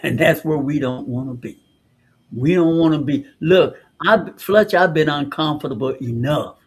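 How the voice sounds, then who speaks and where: A man's voice: a little high, normal speed, slightly rough. A man co-hosting a show, giving an earnest, preachy motivational talk with many restarts. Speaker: podcast co-host.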